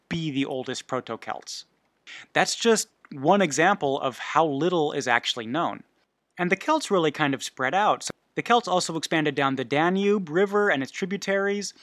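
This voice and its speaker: A man's voice: fairly high pitch, fairly bright tone, no echo. A man hosting a history podcast, reading notes in an informal way with asides and self-corrections. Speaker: podcast host.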